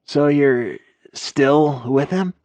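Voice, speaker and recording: A man's voice: fairly high pitch, drawn-out words, a little mellow, no room sound, voice pushed up. A male narrator voicing a hesitant, worried young publicist colleague in an audiobook.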